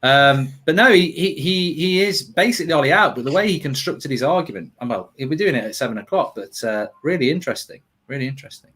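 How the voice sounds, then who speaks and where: A man's voice: mid-range voice, lively intonation, fast talker, hardly any pauses, a bit bright, husky. A man hosting a casual football watchalong, talking in a rambling, chatty way and reading out viewer comments. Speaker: watchalong host.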